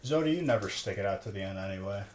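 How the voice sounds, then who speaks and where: This live-stream host talks very fast in a fairly low, animated voice while cracking open card packs. It's a late-night session of loose, rambling banter and jokes with chat, captured in an echoey room with noise in the background.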